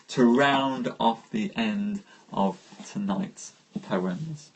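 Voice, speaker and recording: A man hosting a live poetry stream, reciting verse slowly and dreamily, then chatting with viewers between poems. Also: mid-range voice, lively intonation, breathy edge. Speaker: host reading poetry aloud.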